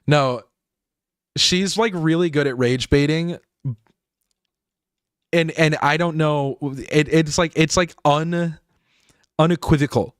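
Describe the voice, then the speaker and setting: A man's voice: fairly high pitch, slow pace, long pauses, clean tone, dry recording, studio quality. A man streaming a game live, rambling and laughing as he talks to his chat.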